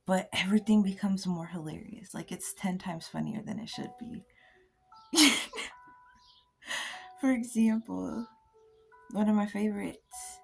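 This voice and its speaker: A woman's voice: mid-range voice, unhurried, creaky, pauses often, faint music behind. A woman host telling stories in a casual chat. She giggles often, swears freely and drops into whispers now and then. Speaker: poet and podcast host.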